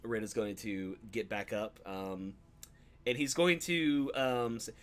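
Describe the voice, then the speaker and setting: A man's voice: on the low side, takes it slowly, clean tone. A man playing a tabletop game, casually describing what his character does. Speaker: player.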